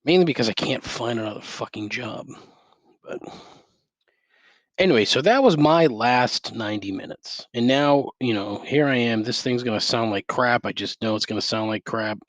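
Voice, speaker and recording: An over-caffeinated man in middle age vents through a solo podcast episode, sarcastic and swearing nonstop. His mid-pitched voice comes through a headset mic, close and dry. He sounds wired and worked up as he complains. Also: moderate pace, no echo. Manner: ranting, sarcastic, heavy swearing. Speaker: podcast host. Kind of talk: profane solo rant. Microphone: gaming headset.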